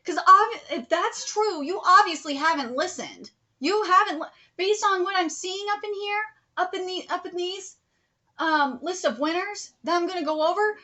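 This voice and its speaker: A woman's voice: extremely high pitch, normal speed, sharp tone. A woman vlogger ranting in a commentary video, blunt and profane, hammering points with repetition. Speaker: anime vlogger.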